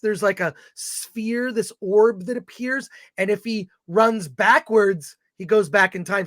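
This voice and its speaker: A man's voice: high-pitched, fairly bright tone, no echo, clean studio sound. A man co-hosting a casual film review chat, opinionated and blunt, rambling through his thoughts.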